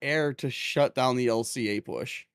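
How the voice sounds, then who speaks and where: A man's voice: mid-range voice, unhurried, clear, resonant tone, dry recording. Laid-back male esports co-caster. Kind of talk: color commentary.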